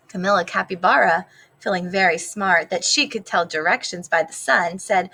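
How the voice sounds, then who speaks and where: A woman teacher reading a picture book aloud to her class, expressive, pausing to ask the children questions. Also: fairly low pitch, husky, rough recording.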